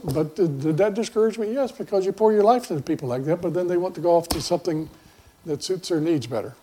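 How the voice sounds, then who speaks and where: Folksy guy pastor preaching, kinda high voice, loose and rambly. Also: animated, fast, warm tone. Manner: folksy, rambling, with many fillers and restarts. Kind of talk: conversational sermon.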